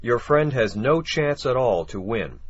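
A man reading English example sentences aloud for a radio lesson, carefully and deliberately. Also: mid-range voice, very animated. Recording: dull lo-fi radio broadcast.

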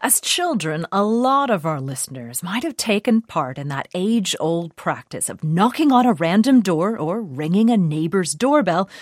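A woman's voice: on the low side, big pitch swings, moderate pace, few pauses, no echo, clean studio sound. A woman hosting a news podcast, reading a scripted presentation. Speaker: podcast host.

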